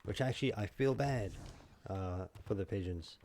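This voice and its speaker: A man's voice: lowish voice, normal speed, a little mellow, a little hiss or hum. A man streaming a video game from home, joking and rambling as he chats with his viewers by name. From New York. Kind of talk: casual gaming stream chat.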